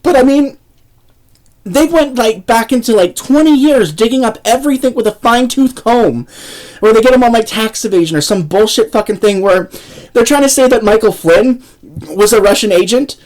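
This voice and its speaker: Her voice is fairly high, animated, and darkish, moving at normal speed on a rough recording. This political vlogger delivers a heated, angry rant about politics, swearing nonstop.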